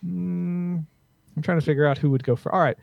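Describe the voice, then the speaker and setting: A man narrating as game master of a tabletop role-play game in a quick, offhand way. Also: on the high side, steady tone, vocal fry, no echo, lo-fi sound.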